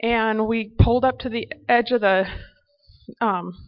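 A woman's voice: on the high side, unhurried. Woman telling a faith story with lots of energy, kinda muffled lo-fi sound. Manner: animated storytelling with faith reflections. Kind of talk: personal faith testimony.

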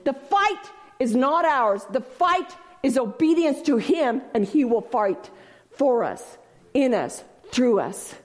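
Slow, emphatic woman teaching scripture. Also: high voice, expressive. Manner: reads scripture aloud, then repeats key phrases with emphasis; calls on listeners to repeat after her. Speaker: Bible study teacher. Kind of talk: sermon.

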